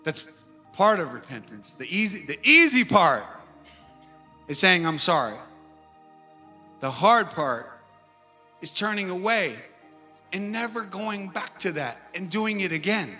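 A man preaching a sermon as pastor, animated and swinging between loud and soft delivery. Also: high-pitched, a little slow, long pauses. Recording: long hall reverb with faint music.

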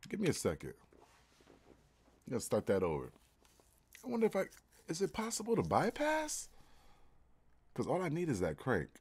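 A man's voice: a little high, wildly swooping pitch, moderate pace, long pauses, a little mellow, husky. A man hosting a let's-play, commenting casually with slang and frequent swearing. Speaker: gaming channel host.

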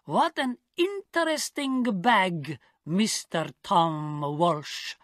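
A woman voicing a smug, gloating tall policeman who taunts slowly, in a story read for English learners. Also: lowish voice, no echo, clean studio sound.

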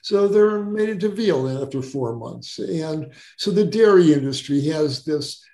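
An older man speaks earnestly in a warm, mellow voice that sits a little high for a man. He keeps stressing his points by repeating words. The sound is roomy and echoey. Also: lively intonation, unhurried. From Wisconsin, USA. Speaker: guest doctor. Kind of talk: interview storytelling.

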